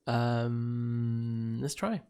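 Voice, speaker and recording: A man's voice: medium pitch, steady tone, drawn-out words, dark tone, a little hiss or hum. Chatty, laughing male streamer. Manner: chatty, laughs often, reads game text aloud. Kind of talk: casual gameplay commentary.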